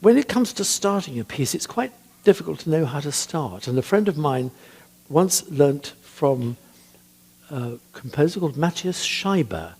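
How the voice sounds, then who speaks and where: An older man with a husky voice, a church composer telling chatty anecdotes about music, hesitant with frequent ums. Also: a little high, animated, normal speed, darkish tone. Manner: chatty, hesitant with many ums, laughs at his own stories. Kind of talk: anecdotal talk.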